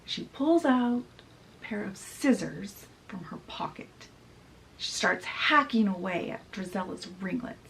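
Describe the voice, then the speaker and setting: A woman's voice: medium pitch, animated, measured pace, gravelly, fairly bright tone, far from the mic, a little hiss or hum, rough recording. A woman book vlogger casually retelling a story in a chatty, storytelling way. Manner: chatty, storytelling, with fillers like "she's like". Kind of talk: casual book summary vlog.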